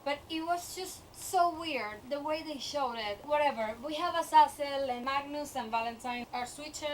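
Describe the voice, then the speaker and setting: Young woman, high voice, animated exasperated rant, a bit off-mic, faint hiss. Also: distant mic, poor audio. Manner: animated, exasperated, laughs often. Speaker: vlogger. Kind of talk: casual rant about a TV show.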